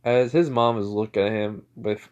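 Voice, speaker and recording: A man's voice: on the low side, fairly even intonation, normal speed, a little mellow, lo-fi sound. Rambling young man telling a fan story. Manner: rambling, full of "basically" and "like". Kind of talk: improvised story narration.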